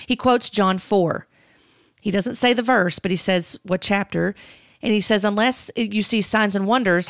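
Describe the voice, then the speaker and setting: A woman in a dry, close recording commenting on church teaching. Her voice has a gravelly edge, and she speaks in a measured, cautioning way, with a few fillers. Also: medium pitch, no echo. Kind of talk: spoken commentary.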